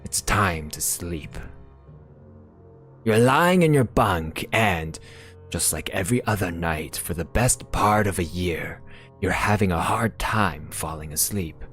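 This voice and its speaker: A man narrating a game's story text aloud in a measured, brooding delivery as a let's-play host. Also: low voice, expressive, fairly bright tone, faint music behind. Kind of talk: slow dramatic narration of game text.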